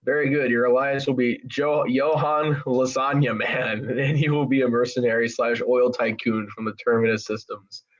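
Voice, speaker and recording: A man's voice: mid-range voice, little pitch movement, normal speed, few pauses, lo-fi sound, close to an everyday voice. A man putting on an anxious young woman thief. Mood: urgent.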